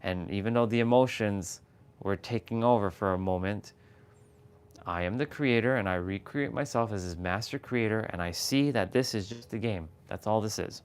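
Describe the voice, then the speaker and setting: A man hosting a casual motivational livestream from home, speaking candidly and a bit low on energy, rambling through restarts. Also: normal speed, smooth. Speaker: livestream host. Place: at home, downstairs. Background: tuning fork tones.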